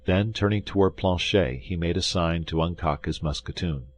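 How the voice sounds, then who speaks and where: A man narrating a classic adventure audiobook in an expressive, measured storytelling manner. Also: sits low, no room sound.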